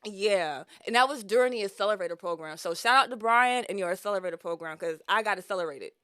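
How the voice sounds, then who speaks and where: A woman, a podcast guest telling her business story in a lively, laughing way. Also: mid-range voice, fast, clean tone, dry recording, studio quality. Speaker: podcast guest, mushroom grower. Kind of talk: casual storytelling chat.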